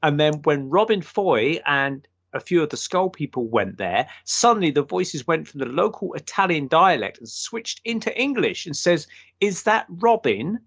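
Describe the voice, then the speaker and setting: A man's voice: fairly high pitch, big pitch swings, moderate pace, creaky, hardly any pauses, a bit bright. Rambling, hesitant man hosting a chat. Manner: rambling, hesitant, many fillers. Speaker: podcast host. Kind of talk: casual chat.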